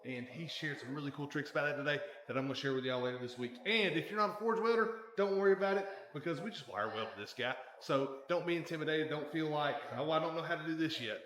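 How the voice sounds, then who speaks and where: A man's voice: on the high side, fast talker, few pauses, fairly bright tone. A man hosting a blacksmithing vlog, talking casually and earnestly, reflective and encouraging. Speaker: blacksmith and channel host.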